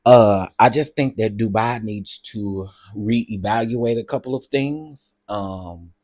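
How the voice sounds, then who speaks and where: A man with a fairly low voice hosts a casual livestream, gossiping and reacting to viewer comments in a chatty, familiar way. The sound is dry and close to the mic. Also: takes it slowly, a little mellow, dry recording. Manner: chatty, gossipy, says "y'all" and "girl". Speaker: livestream host. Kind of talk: casual chat reading comments.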